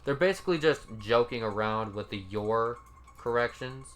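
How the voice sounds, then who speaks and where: A commentary YouTuber reads out comments in a casual, laid-back way, swearing now and then and sounding mildly incredulous. His voice is mid-range and fairly bright, moving at a normal speed.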